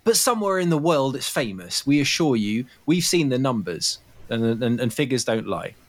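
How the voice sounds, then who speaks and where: A man's voice: medium pitch, sing-song, normal speed. A man co-hosting a fan podcast, rambling through self-mocking jokes. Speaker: podcast co-host. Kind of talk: casual podcast chat.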